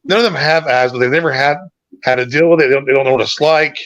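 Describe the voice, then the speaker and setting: A man's voice: medium pitch, fast, fairly bright tone, no echo. A man co-hosting a casual livestream chat, telling stories in a rambling, hesitant way. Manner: rambling, hesitant storytelling with restarts. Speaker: co-host. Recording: dry, dull lo-fi mic.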